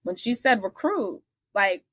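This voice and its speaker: A woman talking casually as a podcast guest, retelling her career with lots of energy. She acts out the other people in her stories and throws in blunt, salty asides. Her voice sits at a medium pitch, recorded close and dry. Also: very animated, a little slow, fairly bright tone, no echo. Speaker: interview guest. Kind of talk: casual storytelling interview.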